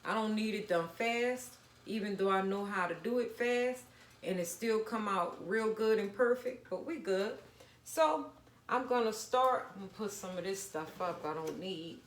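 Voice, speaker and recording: A woman's voice: mid-range voice, normal speed, echoey room, slight background noise. A woman casually talking viewers through a home cooking recipe, chatty and down-to-earth. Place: home kitchen.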